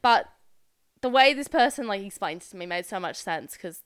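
A woman's voice: medium pitch, expressive, normal speed, a bit bright, clear, resonant tone, no echo, clean studio sound. A young woman around twenty co-hosting a podcast, easygoing and agreeable, swearing casually. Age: about 20. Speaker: podcast co-host. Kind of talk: casual chat.

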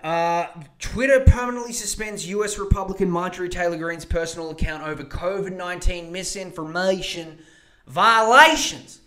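A young man rants alone on his podcast, swearing freely and rambling through his points. His voice sits high for a man. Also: a bit bright. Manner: profane, ranting, rambling. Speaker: podcast host. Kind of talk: solo political rant podcast.

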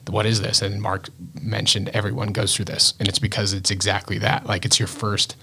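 A young man and podcast co-host who calmly explains ideas in casual conversation, using "like" often. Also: on the low side, normal speed, creaky, slightly rough. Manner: reflective, explains ideas with frequent "like".

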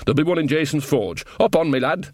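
A man's voice: fairly high pitch, lively intonation, fast, no echo, clean studio sound, voice pushed up. A man voicing a blunt, bawdy old village witch woman in a storybook reading, with cheeky rustic speech.

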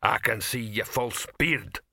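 A man's voice: on the low side, slow pace, sharp tone, no room sound, clean studio sound, full character voice. A man voicing a pushy, ungrammatical male troll in an audiobook. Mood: mocking. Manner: gruff, ungrammatical, mocking.

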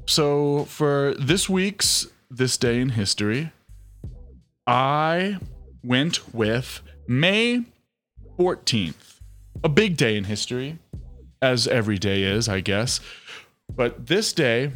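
Sarcastic, animated man. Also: medium pitch. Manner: sarcastic, animated storytelling with many fillers. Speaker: podcast host. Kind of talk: casual chat.

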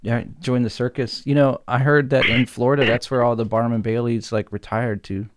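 A man's voice: medium pitch, little pitch movement, fairly quick. A young man hosting a casual podcast, joking around and laughing often. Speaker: podcast host. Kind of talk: casual chat.

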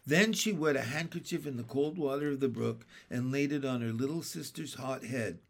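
A man narrating a children's chapter book in a steady, plain read-aloud manner. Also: mid-range voice, moderate pace. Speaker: audiobook reader.

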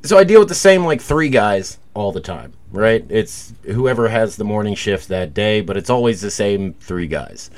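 A man co-hosting a podcast, telling stories casually with lots of swearing and turning loud when he acts out arguments. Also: on the low side, expressive, moderate pace, hardly any pauses. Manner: profane storytelling, loud when acting out arguments. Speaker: podcast co-host. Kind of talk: casual chat.

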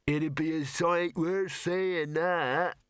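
A man voicing slow, dry old country farmers who drawl in rustic speech. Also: on the high side, steady tone, fairly bright tone, clean tone, no echo, voice pushed up.

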